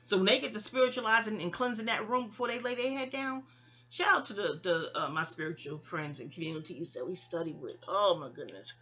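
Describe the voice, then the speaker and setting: A woman's voice: mid-range voice, a little fast, bright, forceful tone. A woman telling a personal story in a rambling way, full of stammering restarts and asides to her listeners. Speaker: memoir storyteller.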